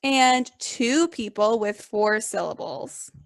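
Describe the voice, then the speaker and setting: A young woman teaching second graders in a recorded lesson, clear, upbeat and encouraging. Her voice sits a little high. The sound is close and dry, with no room around it. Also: slow, no room sound. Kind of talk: remote class lesson.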